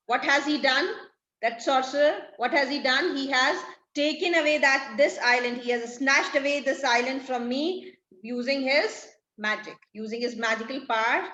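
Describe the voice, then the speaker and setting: High, bright-voiced woman teacher. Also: muffled recording. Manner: paraphrases each line, asks questions and answers them, frequent "right?". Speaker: English literature teacher. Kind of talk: explaining a play line by line. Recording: echoey room.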